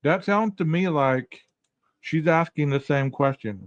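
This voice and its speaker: A podcast host with a slightly high voice speaks a little slowly, casually posing rhetorical questions straight to his listeners. The recording is dry, close-miked, and a bit dull.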